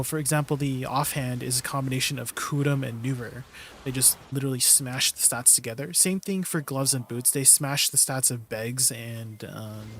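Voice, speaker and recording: A man with a mid-range, slightly bright voice and some vocal fry streams a game while chatting with viewers. He's easygoing and chatty, using plenty of fillers and laughing often, with slight background noise.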